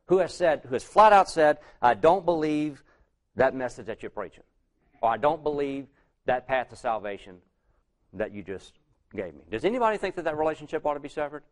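A middle-aged man with a drawl preaches in a relaxed, conversational way. He poses questions to his listeners and slows down to read old-style scripture aloud. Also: medium pitch. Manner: asks the congregation questions, reads King James verses slowly. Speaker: lay preacher. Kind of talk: conversational sermon with scripture reading.

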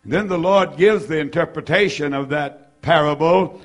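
A man preaching a sermon, reading scripture aloud and repeating key phrases with slow, drawn-out emphasis. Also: on the high side. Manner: reads scripture in old-fashioned wording. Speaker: pastor.

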